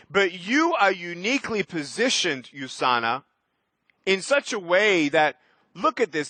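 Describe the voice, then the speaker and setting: An energetic man in his thirties delivers a motivational keynote, his high, bright voice ringing out as he punches key words and bursts into loud calls. The sound is dry and close, with no room around it. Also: dry recording. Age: 30s. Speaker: motivational speaker. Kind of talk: keynote speech.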